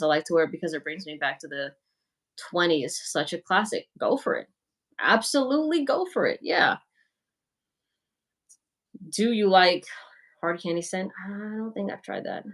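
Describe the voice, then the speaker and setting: A young woman is hosting a livestream, answering viewers' comments casually and frankly and saying "like" and "you know" a lot. Her voice sits on the low side with a fairly bright tone, and she speaks at a moderate pace with long pauses.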